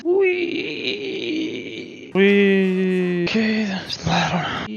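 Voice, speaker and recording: A woman's voice: medium pitch, big pitch swings, very slow, vocal fry, no echo, muffled recording. A woman reacting to a cartoon with sarcastic remarks, groans and exaggerated outbursts. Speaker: video creator. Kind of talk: reaction commentary while watching a cartoon.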